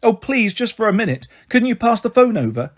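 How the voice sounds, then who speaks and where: A man's voice: sits high, sing-song, fairly quick, pitched above the performer's own voice. A man voicing an anxious young girl who pleads urgently on the phone for her mum, in a storybook reading. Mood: pleading.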